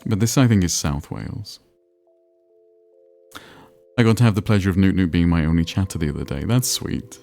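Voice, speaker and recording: A man's voice: low voice, moderate pace, creaky, long pauses, dark tone, faint music behind. A man livestreaming, chatting casually and self-deprecatingly with his viewers as he plays a geography game. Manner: rambling, self-deprecating, answering chat messages.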